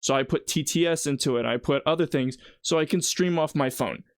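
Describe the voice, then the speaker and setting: A chatty man hosts a casual live stream from his home kitchen, rambling on to his viewers as he gets on with the cooking. His voice sits a bit high for a man and comes across lightly. The sound is dry and close, with almost no room echo. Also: brisk. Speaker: livestreamer.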